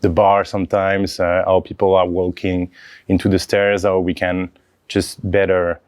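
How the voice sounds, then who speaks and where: A man chatting casually on a podcast, laughing and a bit self-deprecating, with halting phrasing. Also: low-pitched, level tone, smooth, dry recording, studio quality. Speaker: venue team member.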